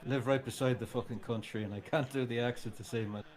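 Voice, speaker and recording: A man's voice: medium pitch, fairly even intonation, fast talker. A man co-hosting a live watch-along stream, chatting casually and profanely about football and its history. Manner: chatty and profane, tells old football stories. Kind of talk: casual banter and football chat.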